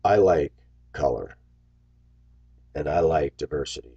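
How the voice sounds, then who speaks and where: A man, a bus driver telling a casual, animated story and acting out the voices of others. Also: rumbling low, a little slow, vocal fry, slightly rough. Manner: animated, acts out quoted voices. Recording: dull lo-fi sound.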